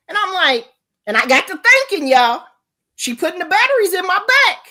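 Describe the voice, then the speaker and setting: A woman streamer telling a heated story, profane and animated, acting out the people she quotes. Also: very high voice, moderate pace. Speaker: streamer host. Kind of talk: storytime rant.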